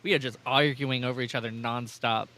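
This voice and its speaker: Guy hosting a chill rpg aftershow, bright voice, rambly, swears a lot. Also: mid-range voice, fairly even intonation, brisk. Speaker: podcast host and editor. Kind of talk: casual chat.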